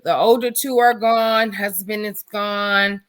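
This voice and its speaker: A woman's voice: medium pitch, flat delivery, slow pace, a bit bright. A middle-aged mother talking frankly and bluntly about raising her kids, in a casual chat.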